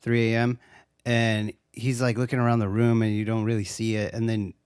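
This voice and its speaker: A man's voice: fairly low pitch, normal speed, smooth, dry recording, studio quality. A man co-hosting a casual podcast, recapping a horror movie with lots of swearing and acted-out lines. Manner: excitable, swears a lot, acts out lines from the film. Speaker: podcast co-host.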